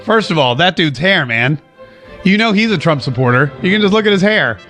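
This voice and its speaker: High-voiced American man hosting talk. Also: lively intonation, pushed and bright, soft background music. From United States. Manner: sarcastic, joking, quick asides. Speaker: political talk show host. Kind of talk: casual opinion talk show, reading viewer comments.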